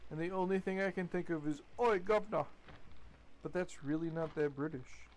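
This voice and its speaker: A man's voice: a little high, steady tone, fairly quick, a little mellow, a little hiss or hum. A man rambling casually while commentating his gameplay, chatty and swearing now and then. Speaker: gaming streamer.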